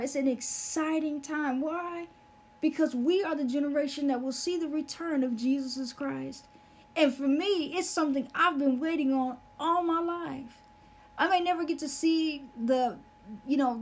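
A woman preaching a sermon in an earnest way, repeating phrases for emphasis with many fillers. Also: sits high.

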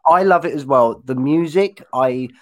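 A man of middle pitch chats on a podcast as co-host. He rambles into stories, trails off and picks the thread back up. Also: moderate pace. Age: young adult or older. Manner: chatty, rambling storyteller who trails off and restarts. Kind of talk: casual chat.

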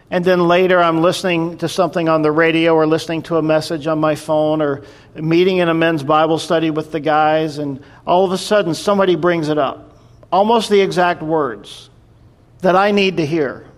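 Man preaching, chatty scripture storyteller, voice a bit high. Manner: conversational storytelling, explaining scripture. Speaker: pastor. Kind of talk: sermon.

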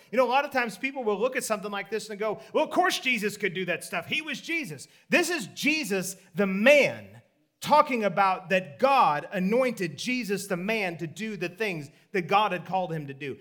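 A man preaching a sermon, telling a story with energy and acting out the people in it. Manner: animated storytelling, acts out the people in the story in higher voices, laughs.

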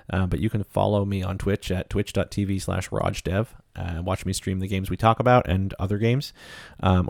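A man hosting a podcast, chatting casually and reading a relaxed sign-off. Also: deep voice, creaky, no echo, studio quality. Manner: relaxed, reads a sign-off plug. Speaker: podcast host. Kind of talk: casual podcast chat and outro.

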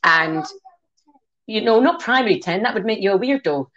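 A woman's voice: medium pitch, expressive, normal speed, a bit bright, highs cut off. A woman raised in Scotland, chatting casually on a podcast as a guest who teaches Gaelic, rambling with many restarts.

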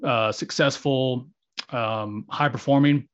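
Guest: earnest man, reflective, restarts phrases, mid-pitched, muffled recording. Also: steady tone, slow. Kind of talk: reflective conversation. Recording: slightly dull lo-fi audio.

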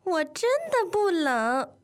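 A woman doing a reluctant kid in a scripted language-lesson dialogue, high-pitched and slow, with short, grudging replies. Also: big pitch swings, full character voice. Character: reluctant child bundled up by a parent.

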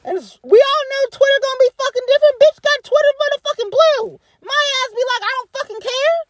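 A woman's voice: very high voice, quick pace, dry recording. A woman delivering a blunt, profane ranting monologue, repeating herself for emphasis.

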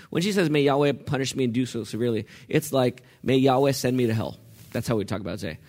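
A man teaching a Bible passage in an expository sermon, animated and full of rhetorical questions, swinging between loud and hushed. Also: mid-range voice.

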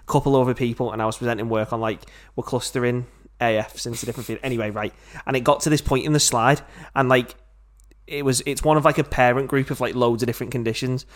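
A man's voice: mid-range voice, fairly even intonation, quick pace. A man with a Scouse accent, a podcast host in casual chat, rambling and self-mocking.

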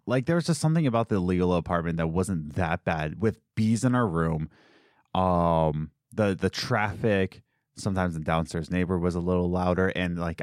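A young man with a very low voice chats casually, emphatic and jumping up in pitch now and then. The sound is close and dry, with no room around it. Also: dry recording. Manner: emphatic, with sudden upward pitch jumps. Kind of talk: casual chat. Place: home apartment.

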